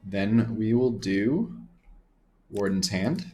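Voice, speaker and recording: A man giving casual gameplay commentary, thinking out loud, chuckling and trailing off into half-finished sentences. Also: fairly low pitch, slow, very noisy. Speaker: gamer, channel host.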